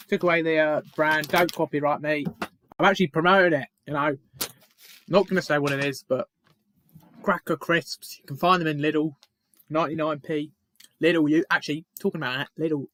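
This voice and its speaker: Chatty lad reacting to football. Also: male voice, a little high, slight background noise. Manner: chatty, excitable, rambling asides. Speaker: watchalong host. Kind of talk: casual live match reaction commentary.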